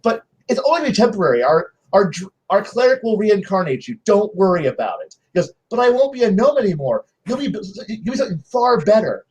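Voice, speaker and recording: A man with a high voice sits on a panel swapping tabletop game anecdotes. He talks in loose casual chat, full of restarts and little acted-out quotes from his players. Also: big pitch swings, fairly quick, hardly any pauses, darkish tone, slightly rough.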